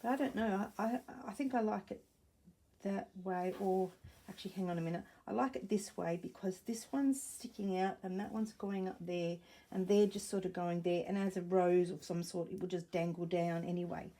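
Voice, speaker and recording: Woman, warm husky voice, rambling crafting chat, thinks aloud, home room with a camera nearby. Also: fairly low pitch, steady tone, normal speed. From Australia. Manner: chatty and rambling, thinks aloud and corrects herself. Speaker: sewing crafter. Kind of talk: casual crafting vlog. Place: home room with a wooden floor. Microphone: camera set up nearby.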